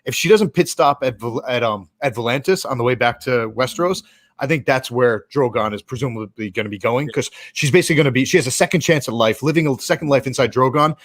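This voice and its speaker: Casting: quick, rambling male co-host, dry close recording. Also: mid-range voice, no room sound. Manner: rapid, rambling, lots of "like". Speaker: podcast co-host. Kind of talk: casual livestream chat.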